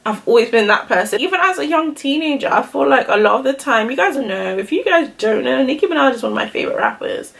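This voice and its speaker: A woman's voice: high-pitched, expressive, fast talker, creaky, hardly any pauses, fairly bright tone. A young woman chatting casually to the camera while getting ready, rambling and filling her speech with "like". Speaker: beauty vlogger. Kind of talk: casual get-ready-with-me chat.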